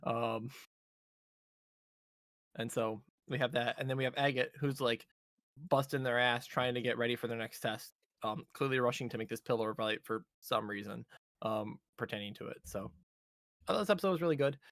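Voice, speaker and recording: A man's voice: medium pitch, moderate pace, a bit bright, no room sound, clean studio sound. A man casually recapping an anime episode on a podcast, rambling with fillers and swearing. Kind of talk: casual chat.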